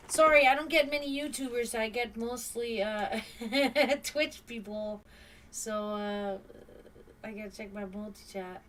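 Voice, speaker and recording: A tired woman streamer with a bright, slightly high voice chats with her viewers, giggling often and swearing freely. She sits a little back from the mic, and a faint hiss runs underneath. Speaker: live streamer reading chat. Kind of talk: casual live-stream chat. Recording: distant mic with faint background noise.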